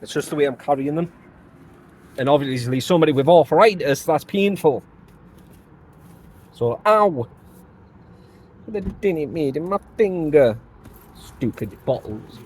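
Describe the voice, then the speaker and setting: Chatty Englishman with a higher voice. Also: animated, measured pace, long pauses, darkish tone, a little hiss or hum. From England. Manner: chatty, rambling, many small exclamations. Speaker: vlogger. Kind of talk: casual chat while shopping.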